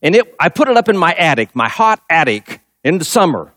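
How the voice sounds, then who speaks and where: Animated preacher man, high lively voice. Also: brisk, no room sound, studio quality. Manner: storytelling, emphatic repetition. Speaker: pastor. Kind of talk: sermon.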